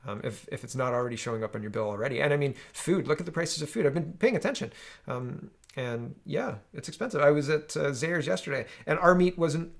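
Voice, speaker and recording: A slightly higher-pitched man talks through the news in a loose, sarcastic commentary style. He scoffs, asks "right?" again and again, and works himself up. He sounds close on a home desk mic. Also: fairly quick, vocal fry. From Canada. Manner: sarcastic, animated, frequent "right?" asides. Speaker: political commentary host. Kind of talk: casual political commentary.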